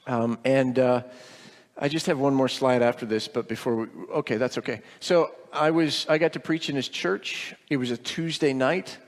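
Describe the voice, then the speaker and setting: Chatty pastor in a reverberant hall. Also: male voice, mid-range voice, steady tone, normal speed. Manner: chatty and rambling, many ums and restarts, light humor. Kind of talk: casual mission trip report to a congregation.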